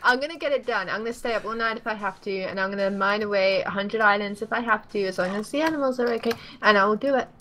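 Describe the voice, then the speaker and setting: A woman's voice: mid-range voice, quick pace, hardly any pauses, fairly bright tone, rough recording. A woman chatting casually while gaming with a friend, playful with dramatic asides. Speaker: co-host of a gaming let's play. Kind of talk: casual gameplay chat.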